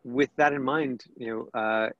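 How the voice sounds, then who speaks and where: A man's voice: medium pitch, fairly even intonation, moderate pace, dry recording, dull audio. A man teaching acting in an online question-and-answer session, talking conversationally with many fillers and restarts. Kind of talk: online Q&A lesson.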